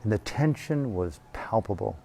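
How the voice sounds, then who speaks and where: A man teaching a meditation retreat, telling a family story in an animated, profane way into a handheld microphone. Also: fairly low pitch, moderate pace, gravelly. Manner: animated, profane, acting out voices. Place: retreat hall.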